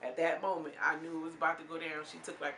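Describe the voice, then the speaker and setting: A woman casually recapping a reality show episode, animated and quoting the people in it. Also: low voice, fast. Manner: animated, retells scenes in quoted voices. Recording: echoey room, faint noise.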